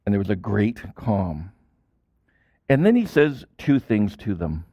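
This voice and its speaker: A man preaching a sermon as a pastor, in animated style with sudden loud bursts and quiet drops. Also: fairly low pitch, unhurried, slightly rough, dry recording, muffled recording.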